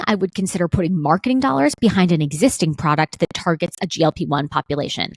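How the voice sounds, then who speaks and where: A woman's voice: fairly low pitch, no echo. A woman hosting her own podcast as a dietitian, talking through food trends in a chatty, opinionated way with playful asides. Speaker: podcast host and registered dietitian. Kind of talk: solo podcast commentary.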